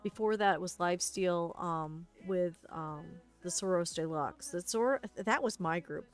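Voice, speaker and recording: A lively woman spins her stories in a casual stream, her voice sitting a touch low for a woman. She jumps into little voices for the people she quotes, and soft music plays faintly behind her. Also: measured pace. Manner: animated, acts out quoted lines. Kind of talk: casual storytelling while painting.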